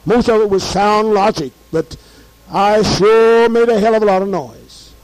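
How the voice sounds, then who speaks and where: A high-pitched man with a hoarse edge tells his story in a heated, profane monologue. He piles on curses and repeats phrases as he builds from a grumble to a shout. The delivery is fiery and unpolished. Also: measured pace, no room sound, low-quality recording.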